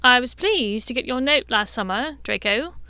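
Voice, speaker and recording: A woman voicing a warm, friendly middle-aged witch with a direct, motherly manner. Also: on the high side, animated, normal speed, clear, resonant tone, dry recording.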